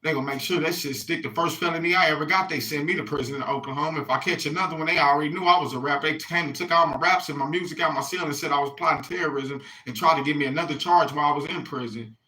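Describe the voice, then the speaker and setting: A man vlogs to his viewers in a rambling, casual monologue, swearing freely and looping back with "you hear me". His voice sits a little high and rings bright and sharp. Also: racing, hardly any pauses, low-quality recording. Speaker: vlogger.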